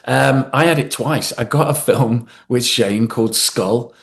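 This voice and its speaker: A man, an actor chatting as a podcast guest, telling animated anecdotes and laughing often. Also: mid-range voice, a little slow, vocal fry. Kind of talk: casual chat.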